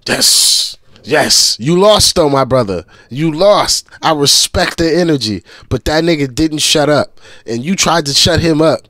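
A man's voice: fairly high pitch, lively intonation, a little slow, a bit bright, dry recording, studio quality. An American man hosting a reaction channel, talking back at a battle video in a blunt, profane, casual way. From United States.

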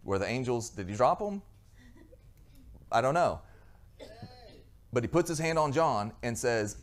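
Earnest pastor preaching with frequent restarts. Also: male voice, medium pitch, unhurried, long pauses. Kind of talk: sermon.

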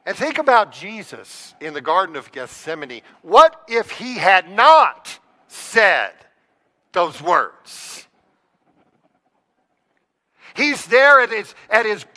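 A man's voice: high voice, sing-song, slow pace, sharp tone. A man preaching a sermon to his congregation, earnest and often putting questions straight to them. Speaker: pastor. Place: church sanctuary. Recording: long church reverb.

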